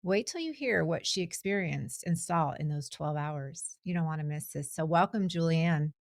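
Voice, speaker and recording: Woman host, lowish voice, clear inviting intro, dry studio sound. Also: moderate pace, no room sound. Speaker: show host. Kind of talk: scripted introduction.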